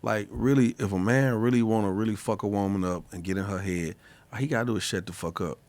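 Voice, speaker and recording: A man's voice: on the low side, quick pace, a little mellow, dry recording. A man talking as a podcast guest in casual chat, laid-back and profane, often stammering through restarts.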